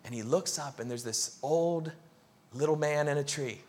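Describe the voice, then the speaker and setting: A male pastor preaching a sermon, telling a story with lively acted-out crowd voices. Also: fairly high pitch, normal speed.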